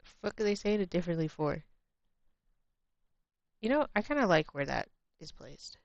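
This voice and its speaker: An American woman chatting casually on a livestream while drawing, laughing easily, swearing bluntly, and sometimes dropping to a quiet mutter as she works. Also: on the low side, very animated, normal speed, creaky, no echo. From United States. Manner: drifts to quiet murmurs while working. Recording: muffled lo-fi stream audio.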